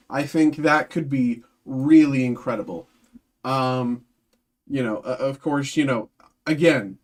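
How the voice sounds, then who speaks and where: A man hosting a livestream, thinking aloud in casual chat, hesitant and full of ums and restarts. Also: medium pitch. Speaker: card break host.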